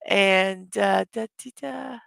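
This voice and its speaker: Tired, hoarse woman greeting her chat. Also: medium pitch, takes it slowly, no room sound. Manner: warm greetings to chat viewers one by one. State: tired from little sleep. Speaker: livestream host. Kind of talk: casual morning livestream chat.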